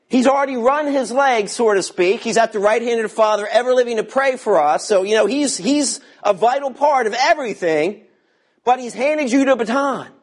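A man in his fifties from the United States preaching a sermon, swelling to emphatic shouts and slowing down to read scripture. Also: very high voice. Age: 50s.

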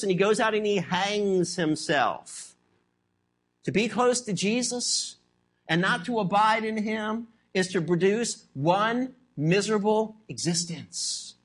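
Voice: mid-range voice, fairly bright tone. A pastor preaching a sermon emphatically, repeating key phrases and asking the congregation rhetorical questions.

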